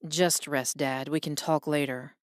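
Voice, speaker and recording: A woman voicing a grown son, soft and hesitant as he talks to his dying father. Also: sits low, fairly even intonation, a little slow, no echo, studio quality, voice pushed down. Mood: worried. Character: grown son, anxious and torn.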